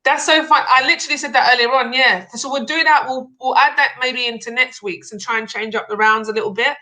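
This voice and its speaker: A bubbly young woman, hosting a casual online game show. Her voice is bright and higher than most women's, and she talks in a chatty, giggly way. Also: fast, low-quality recording.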